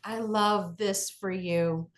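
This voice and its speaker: A woman's voice: medium pitch, fairly even intonation, slow pace. A woman guest author in casual conversation, candid and reflective with dry humor. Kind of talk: casual chat.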